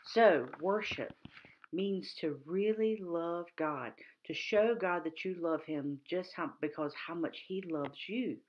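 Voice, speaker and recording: Upbeat woman teaching kids, low voice. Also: slow pace, highs cut off. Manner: upbeat, encouraging, speaks directly to kids. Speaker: children's ministry leader. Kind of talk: children's video lesson.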